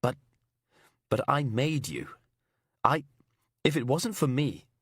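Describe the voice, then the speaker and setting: A man voicing a creepy imprisoned killer with a put-on English accent that slips into Aberdonian, smug and slow, then whiny. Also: medium pitch, big pitch swings, a bit bright, breathy edge, dry recording, studio quality, pitched above the performer's own voice, full character voice. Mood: whiny, rattled. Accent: put-on English slipping into Aberdonian. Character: creepy male killer prisoner, slithery and childish.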